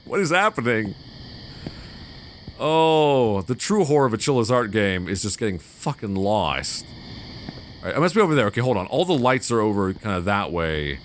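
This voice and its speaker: Lively, cursing male gamer. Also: on the low side, moderate pace, slight background noise. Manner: animated, swearing, easily flustered. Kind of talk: let's play commentary.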